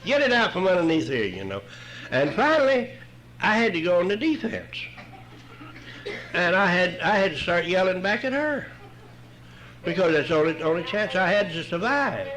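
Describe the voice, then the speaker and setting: A man's voice: high voice, very animated, normal speed, long pauses, a bit bright, poor audio. An older man, telling his own story at a recovery meeting in a folksy, wry way. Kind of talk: humorous personal storytelling talk.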